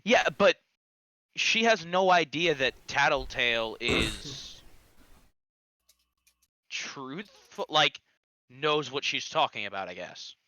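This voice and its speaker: A man's voice: medium pitch, lively intonation, slow pace, long pauses, sharp tone, no room sound. A man co-hosting a comedy reading, chiming in with brief, dry remarks. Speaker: co-host. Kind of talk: casual comedic commentary. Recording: dry, dull lo-fi mic.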